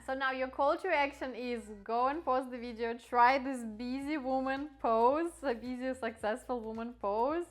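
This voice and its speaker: Woman, friendly posing coach, slightly high voice, light music underneath. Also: normal speed, few pauses. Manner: friendly, demonstrating poses, with frequent fillers and laughs. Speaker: pole posing instructor. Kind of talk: casual instructional video.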